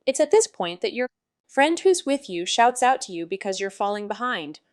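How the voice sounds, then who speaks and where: A woman's voice: medium pitch, big pitch swings, normal speed, no echo, clean studio sound, lightly acted. A woman voicing a brash, foul-mouthed male jester wizard who narrates in a sardonic, rambling way.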